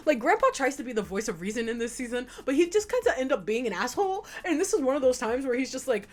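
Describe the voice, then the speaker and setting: A young woman giving a casual retrospective commentary, animated and emphatic, swearing freely as she talks. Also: sits high, quick pace, few pauses. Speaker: video essayist.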